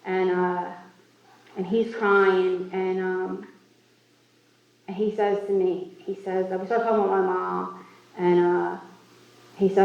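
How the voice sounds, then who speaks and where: At a recovery meeting, a woman tells her own story candidly and with self-mockery. Her fairly low voice has little pitch movement and vocal fry, and she speaks slowly, pausing often. The recording is muffled, captured far from the mic in an echoey hall.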